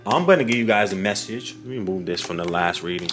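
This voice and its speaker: Man, tarot reader, low voice, slangy and animated, faint music behind. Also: fast. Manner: slangy, animated, talks straight to viewers. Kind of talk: casual card reading to viewers.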